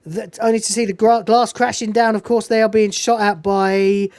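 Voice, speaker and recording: A woman's voice: mid-range voice, moderate pace, no echo. A woman hosting a podcast, giving a casual, swearing-filled, digressive recap of a film scene. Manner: animated, profane, digressive. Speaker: podcast host.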